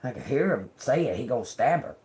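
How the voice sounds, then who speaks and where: A woman running a tarot livestream, talking loosely and with plenty of profanity. She laughs often and swings from loud, animated outbursts to quiet asides under her breath. At times she reads Bible verses aloud in the same casual way. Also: rumbling low, a little fast. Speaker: tarot reader and livestream host.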